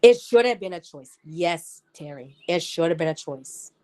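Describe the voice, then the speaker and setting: A woman's voice: on the low side, expressive, moderate pace, darkish tone. Woman, thirties, livestream host, casual chat, heated rant. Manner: chatty, gets heated and ranty. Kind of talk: casual live chat with viewers.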